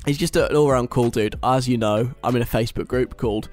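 A man's voice: medium pitch, fairly quick, a little mellow, faint music behind. A young British man hosting a radio show, reading a list aloud and mocking it in a chatty, wry way. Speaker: radio host. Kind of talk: casual radio talk.

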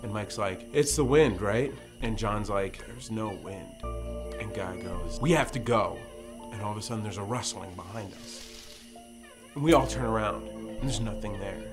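A man hosting a podcast, telling a spooky story in an animated way and acting out his friends' lines. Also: on the low side, normal speed, over music. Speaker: podcast host. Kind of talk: storytelling, recounting a spooky experience.

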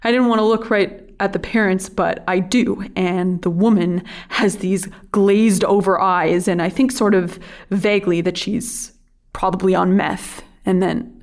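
Actress voicing a burnt-out woman paramedic, halting, confessional, mid-pitched, audio drama. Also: steady tone, lightly acted. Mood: weary. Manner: halting, confessional, rising to frantic yelling. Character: burnt-out female paramedic, restless and unraveling. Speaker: paramedic Anna.

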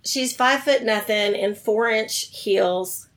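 A middle-aged woman telling a personal story in conversation, animated and acting out the voices she quotes, laughing between lines. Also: medium pitch, slow. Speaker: guest telling her life story.

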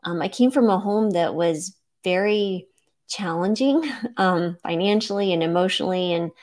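A middle-aged woman doctor talking through a reflective podcast monologue in a slightly low voice. She speaks earnestly and encouragingly, checks in with "right?" and fills pauses with "um". She is emotional and close to tears. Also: a little mellow. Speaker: physician podcast host.

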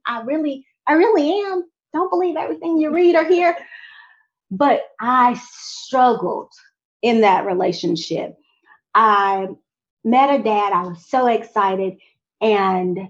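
A young adult woman telling a personal faith testimony in an animated way, talking straight to her audience. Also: high voice, muffled recording. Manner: animated, addresses audience directly. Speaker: speaker sharing a testimony.

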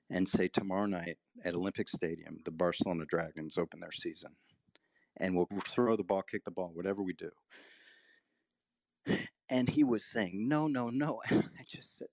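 A man with a low, dry voice, talking casually as a guest over a call. He tells his story with animation and acts out his own words from back then. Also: no echo.

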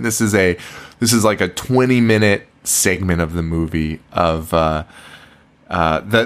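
A man's voice: on the low side, fairly bright tone. A young man co-hosting a horror movie podcast, chatting casually, swearing a lot and laughing as he acts out lines from the film. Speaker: podcast co-host. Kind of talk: casual chat.

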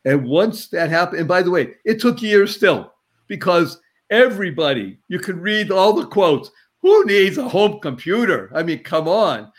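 Male host, slightly high voice, rambling, easygoing chat with frequent laughs. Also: sing-song, moderate pace. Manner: chatty, digressive, laughs often. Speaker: talk show host. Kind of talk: casual interview talk.

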